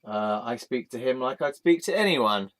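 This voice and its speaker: Here a man with a medium-pitched, animated voice runs his vlog at normal speed. Rambling and joking, he chats playfully with a deity's image like it's a friend.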